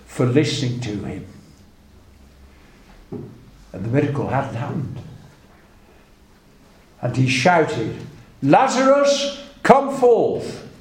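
A man delivers a sermon at an unhurried, deliberate pace, retelling scripture like a story and quoting old verses. His voice sits in a middle register. The recording carries a noticeable room echo. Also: mid-range voice, expressive, darkish tone. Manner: measured, storytelling, reads old scripture aloud. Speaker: preacher.

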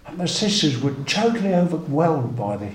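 A man preaching a sermon, retelling scripture in a measured storytelling way and reading old verses aloud. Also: fairly high pitch, very animated, darkish tone, reverberant.

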